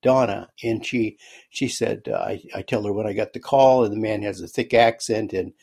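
Man, gravelly voice, husky tone, guest telling a long story, stop-start phrasing. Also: on the low side, darkish tone. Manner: halting, repeats words while recounting. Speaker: guest author. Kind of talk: storytelling in an interview.

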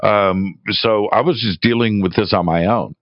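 A man telling a personal story in a casual, halting way, often repeating words and restarting. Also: on the low side, no echo, lo-fi sound. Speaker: guest telling a travel story.

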